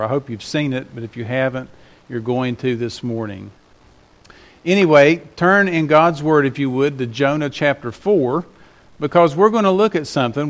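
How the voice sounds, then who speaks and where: A man preaching a Sunday sermon to his congregation, conversational and rising in emphasis on key points. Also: medium pitch. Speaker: pastor.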